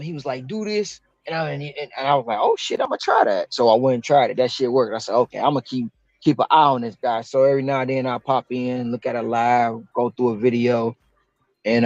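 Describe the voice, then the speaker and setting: A man, a delivery driver, telling a story in casual chat, slangy and animated, acting out quotes with big jumps in pitch. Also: no echo. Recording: dull dry lo-fi sound.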